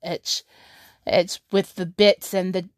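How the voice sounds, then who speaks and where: A woman talking in casual vlog commentary, excitable and rambling, often laughing and restarting her sentences. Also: on the low side, takes it slowly, dry recording, clean studio sound. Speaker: streaming commentator.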